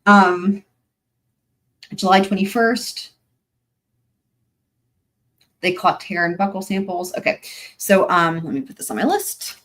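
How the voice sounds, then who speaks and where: A woman's voice: mid-range voice, expressive, a little slow, pauses often, a bit bright. A woman giving casual commentary while reading through case documents, thinking aloud with fillers and restarts and dropping wry, sarcastic asides. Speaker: true-crime commentator.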